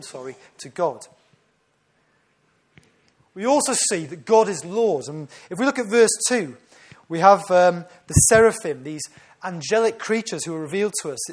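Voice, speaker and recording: A man preaching a sermon, earnest and often correcting himself. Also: high voice. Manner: earnest, with frequent self-corrections.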